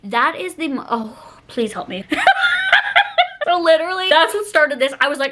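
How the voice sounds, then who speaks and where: A woman's voice: high voice, lively intonation, normal speed, long pauses, noisy background. A young woman telling embarrassing stories in a casual vlog, chatty and self-mocking, laughing often.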